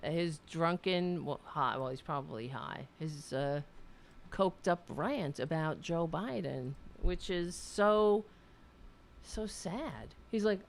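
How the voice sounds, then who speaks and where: A woman's voice: low voice, slow pace, creaky, slight background noise. A woman hosting a political talk show, talking with a caller in a blunt, outspoken way, swearing freely and often restarting her sentences.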